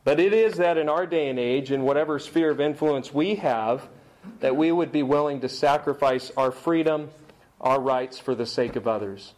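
A middle-aged man preaching a sermon, emphatic in delivery, slowing down to read scripture aloud. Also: mid-range voice, a little mellow, poor audio. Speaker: pastor.

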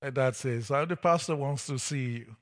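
A man preaching a personal testimony to a church audience, telling it as a story and building to loud, emphatic peaks. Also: mid-range voice, normal speed. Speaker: preacher sharing his testimony. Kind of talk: sermon testimony.

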